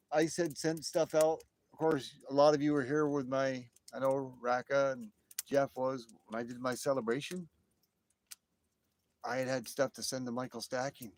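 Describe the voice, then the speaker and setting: A man chatting with his live viewers from beside a fire late at night, light rain falling around him. His voice sits at a middle pitch, and he rambles and bursts into excited exclamations. It sounds like a phone livestream. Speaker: livestream host. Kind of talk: casual live chat with viewers.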